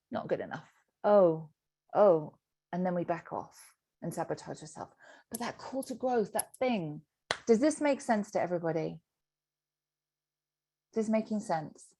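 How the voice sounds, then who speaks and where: A woman's voice: fairly low pitch, measured pace, pauses often, husky. A middle-aged woman, a sobriety coach teaching a group session and acting out the inner voice. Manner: animated, acts out inner voices.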